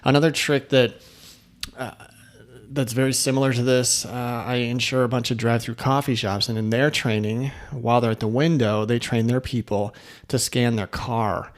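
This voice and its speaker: A man's voice: mid-range voice, fairly even intonation, moderate pace. Middle-aged male podcast host, casual coaching tone, friendly sales-tips delivery. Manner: upbeat, coaching, full of fillers and asides.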